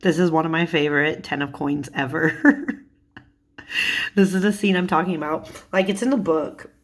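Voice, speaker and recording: A woman's voice: low-pitched, moderate pace. A woman in a casual vlog, chatting about tarot cards, laughing often and swearing casually. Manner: giggly, laughs often while talking. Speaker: tarot vlogger.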